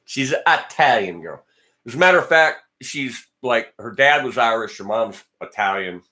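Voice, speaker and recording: A man's voice: medium pitch, animated, normal speed, pushed and bright. A man hosting a casual livestream, rambling and joking as he talks back to viewer comments. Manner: joking and blunt. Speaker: guitar channel host.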